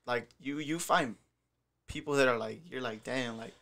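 A man chats casually on a podcast. His voice sits in a middle pitch, and his talk runs loose and slangy, full of swearing and filler words. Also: normal speed, gravelly, a bit bright. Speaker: podcast guest, soccer player.

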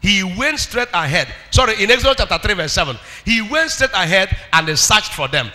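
A man's voice: high voice, expressive, a little fast, sharp tone, in a large hall. A man with a Nigerian accent preaching a fervent sermon, leading the congregation in call-and-response.

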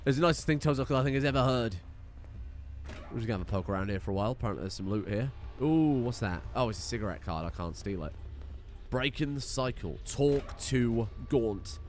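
A man's voice: mid-range voice, animated, brisk, a little mellow. A man giving casual, jokey, rambling gameplay commentary as a streamer, swearing freely.

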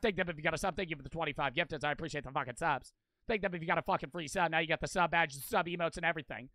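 A man's voice: high voice, sharp tone, dry recording. A young man livestreaming for charity, casually thanking donors one after another, cursing constantly and a little out of breath.

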